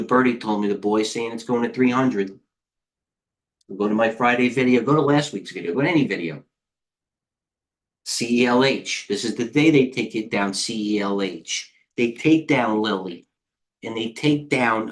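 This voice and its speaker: A man with a slightly low voice and an American accent, talking through the market live as a trading coach. He rambles and jumps between stock symbols, getting excitable and chatty as he goes. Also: moderate pace.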